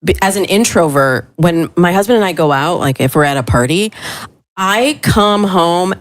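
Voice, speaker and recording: Talkative female dating coach, lowish voice. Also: expressive, moderate pace. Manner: talkative, explanatory. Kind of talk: casual chat.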